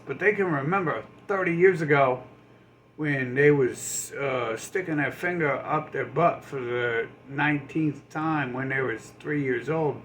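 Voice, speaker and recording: A man's voice: fairly high pitch, a bit bright, a little hiss or hum. Sarcastic ranting man, rambling and profane. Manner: sarcastic, mocking, puts on voices of others. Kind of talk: ranting monologue.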